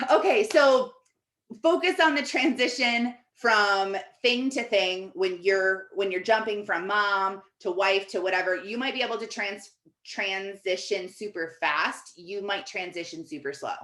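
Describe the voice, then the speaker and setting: A woman life coach with a fairly bright voice at medium pitch speaks at a measured pace, giving her team a casual, chatty coaching talk in an office and frequently filling gaps with "like." The room sounds echoey.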